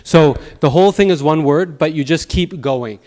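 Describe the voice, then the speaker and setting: A man teaching a Sanskrit class, explaining patiently, checking in with the students and reciting verse slowly in rhythm. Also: fairly high pitch, darkish tone. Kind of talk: classroom lecture. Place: temple classroom.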